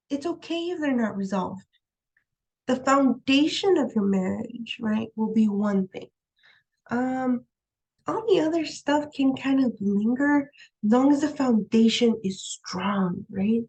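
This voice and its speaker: Her voice sits fairly high with a darkish, breathy tone, and the recording quality is low. A college instructor lecturing online from her home room, she's young adult to middle-aged, mother of a young daughter, chatty in style, quick to laugh, and fond of "um" and "right?".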